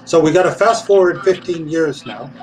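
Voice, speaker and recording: A man, a puppeteer guest, telling a lively anecdote and acting out the voices of the people in it, laughing now and then. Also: fairly high pitch, normal speed, distant mic, rough recording. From England. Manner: lively storyteller, acts out voices, laughs often.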